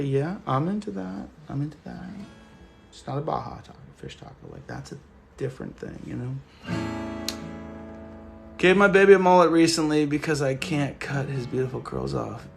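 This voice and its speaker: A man's voice: medium pitch, vocal fry. A man hosting a casual livestream, chatting loosely and joking while reading comments. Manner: laid-back, joking, chatty. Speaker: livestream host.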